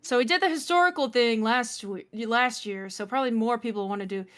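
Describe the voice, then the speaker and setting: Woman, casual chat, halting and filler-heavy, slightly high pitch. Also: a bit bright. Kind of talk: casual group chat on a stream.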